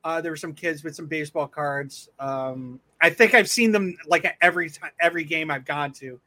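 A man's voice: a little high, fairly quick, bright, forceful tone. A young man hosting a podcast, telling rambling stories in casual chat with lots of swearing and filler words. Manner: profane rambling storytelling. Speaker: podcast host.

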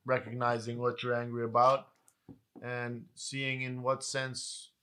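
A man co-hosting a podcast, talking calmly and reflectively and giving advice straight to listeners. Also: medium pitch, a little slow, smooth. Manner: calm, reflective, advising listeners. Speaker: podcast co-host. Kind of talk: casual podcast chat.

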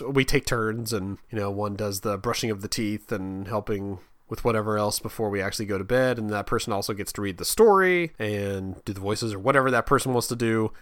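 A man's voice: fairly low pitch, fairly quick, a bit bright, no echo. A man in his thirties chatting casually from a home office, a father telling family stories with frequent laughs and self-deprecating restarts. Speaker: podcast co-host. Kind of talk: casual chat.

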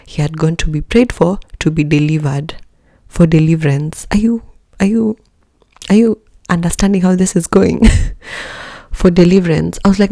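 A woman's voice: sits low, no echo. Young woman, story-time host, dramatic and chatty, dry close sound. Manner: animated and dramatic, slipping into Swahili slang. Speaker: podcast host. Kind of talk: casual storytelling.

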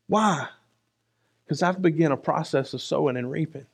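A man preaching a sermon in a conversational way, often asking "right?" and moving between loud and soft. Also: on the high side, normal speed, vocal fry, slightly rough. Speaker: pastor.

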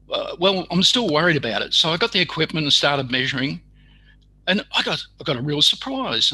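An older man, a retired physicist telling a long story in an interview, pausing often with fillers and restarts. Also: fairly high pitch, bright, forceful tone, slightly rough, low-quality recording. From Australia. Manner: halting, full of fillers and restarts, acts out quoted dialogue. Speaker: guest, retired radiation physicist.

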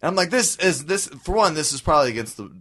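A man's voice: a little high, very animated, quick pace, sharp tone. A man co-hosting a talk show, telling a story in casual chat and acting out the voices of the people in it. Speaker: co-host.

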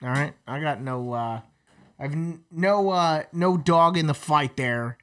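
A man's voice: fairly high pitch, unhurried, pushed and bright. A man co-hosting a podcast, chatting casually with a rambling, profane manner full of fillers and restarts. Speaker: podcast co-host. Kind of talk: casual chat.

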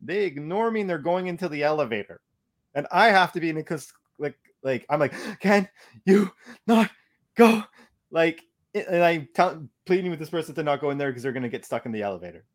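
A young man casually telling a story on a podcast, animated and profane, acting out what he said. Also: a little high, fast talker.

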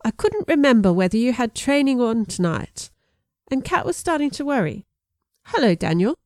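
A woman's voice: a little high, sing-song, normal speed, a little mellow, dry recording, studio quality, pitched above the performer's own voice. A woman voicing a stern, wry middle-aged man with an English accent in an audiobook. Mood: breezy. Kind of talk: audiobook character voice.

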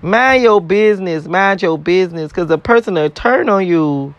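A man's voice: high-pitched, animated, normal speed, few pauses, dry recording, highs cut off. A man in a casual, blunt, profane rant to his viewers, repeating himself and laughing between points. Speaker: vlogger.

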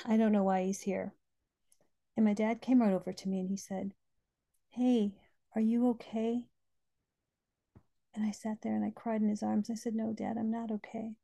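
A woman's voice: mid-range voice, flat delivery, moderate pace, creaky, long pauses, dark tone. A middle-aged woman hosting a podcast, telling heartfelt personal stories and quoting spiritual texts. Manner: heartfelt storytelling, quoting scripture. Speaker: podcast host.

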